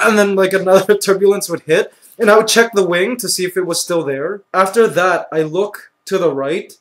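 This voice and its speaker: A young man vlogging, telling a story with excitable, acted-out reactions and lots of "like" and "you know". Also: sits high, brisk, few pauses. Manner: excitable, acts out his own reactions with sudden loud outbursts; peppers speech with "like" and "you know". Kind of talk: animated storytelling.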